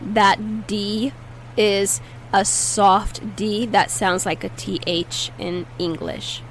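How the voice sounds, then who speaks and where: Slow, patient woman teaching Spanish. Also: mid-range voice, little pitch movement, slight background noise, rough recording. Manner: patient, repeats words slowly for learners. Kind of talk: slow, clear language lesson.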